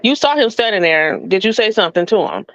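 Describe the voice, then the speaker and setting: Lively-voiced woman co-host, lo-fi mic. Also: medium pitch, fairly quick, dry recording. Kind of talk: casual live review chat.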